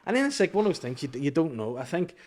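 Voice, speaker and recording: A man's voice: fairly high pitch, very animated, fast talker. A young adult man, an actor, chatting casually on a podcast with a joking, rambling manner and frequent restarts. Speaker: actor guest.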